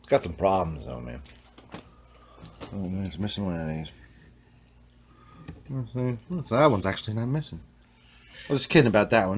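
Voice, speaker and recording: A man's voice: low voice, animated, brisk, pauses often, slight background noise. Laid-back rambling man calling everyone "man". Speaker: vlog host, guitar repairer. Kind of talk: casual workshop vlog.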